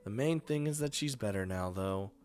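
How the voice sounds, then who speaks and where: A man voicing a gentle young woman, speaking quietly and softly. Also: lowish voice, expressive, normal speed, soft background music, lightly acted.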